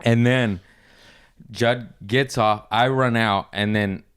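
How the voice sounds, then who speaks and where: A man's voice: slow pace, clear, resonant tone. A young adult man, a comedian, telling stories in casual chat, swearing freely and acting out the people he talks about. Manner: animated storyteller who acts out others in high squeaky voices, swears often. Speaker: comedian, podcast guest.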